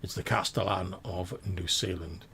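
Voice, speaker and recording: A man's voice: low-pitched, fairly even intonation, normal speed, vocal fry, pushed and bright, slight background noise, heavily acted. A man voicing a dutiful guard captain addressing his lords with hesitant respect. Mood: deferential.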